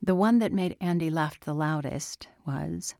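Low-voiced woman narrating a story. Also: no room sound. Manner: calm, measured storytelling. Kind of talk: scripted audiobook narration. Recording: dry close studio sound.

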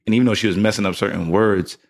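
A man with a somewhat low voice talks casually on a podcast. He muses aloud, stacking "like" and "right?" as he works through a thought. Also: rapid-fire. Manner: relaxed, musing, with frequent "like" and "right?" tags. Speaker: podcast co-host, father. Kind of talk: casual chat.

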